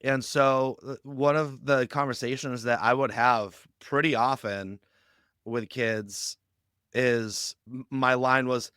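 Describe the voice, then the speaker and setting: Smooth-voiced man telling animated stories. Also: medium pitch, slow, dry recording, studio quality. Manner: animated storytelling, acts out quoted lines. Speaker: guest on a youth ministry podcast. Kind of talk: conversational podcast interview.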